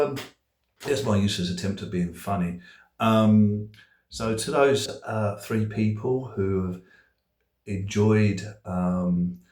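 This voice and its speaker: A man's voice: fairly low pitch, a little mellow. Middle-aged man, self-deprecating comic storyteller, hesitant and rambling, mic set far back. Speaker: speaker. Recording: distant, echoey room.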